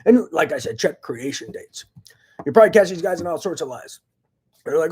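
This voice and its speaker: A man ranting angrily into the camera in a profane, agitated monologue, swinging between loud outbursts and low muttering. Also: animated, fairly quick, slightly rough. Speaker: vlogger.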